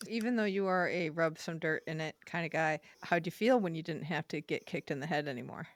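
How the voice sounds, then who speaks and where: A woman's voice: sits low, a little fast. A woman co-hosting a podcast interview, asking questions conversationally. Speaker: podcast co-host. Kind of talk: casual interview chat.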